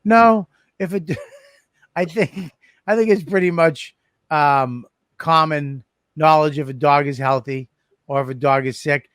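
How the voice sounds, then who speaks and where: A man's voice: on the high side, measured pace, a bit bright, no echo, studio quality. A man hosting a casual chat, blunt and profane, laughing in disbelief. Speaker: podcast host.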